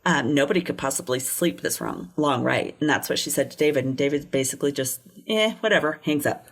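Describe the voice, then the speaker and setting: A woman's voice: rumbling low, fairly even intonation, fairly quick. A woman co-hosting a podcast, telling a true-crime story in a chatty way, swearing freely and quoting people in little voices. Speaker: podcast co-host.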